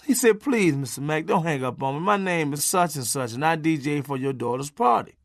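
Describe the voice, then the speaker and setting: A man's voice: a little high, expressive, brisk, no echo, studio quality. A middle-aged man narrating his memoir in a punchy, folksy, conversational way with salty language.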